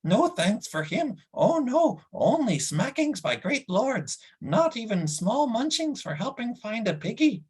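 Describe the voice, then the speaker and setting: A man's voice: very high voice, big pitch swings, measured pace, hardly any pauses, a little mellow, slightly rough, voice pushed up, heavily acted. A man voicing Gurgi, a cringing, greedy hairy forest creature who whines in odd rhyming words, in an audiobook. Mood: whining. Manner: speaks in odd rhyming '-ings' words, wheedling. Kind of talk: audiobook character voice.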